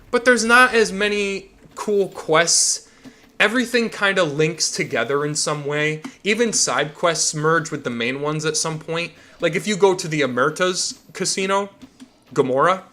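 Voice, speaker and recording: A young man chats loosely over a game stream. His voice sits fairly high and sounds bright and forward. He rambles, restarts and swears freely as he rants. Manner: rambling, profane ranting. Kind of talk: casual game chat.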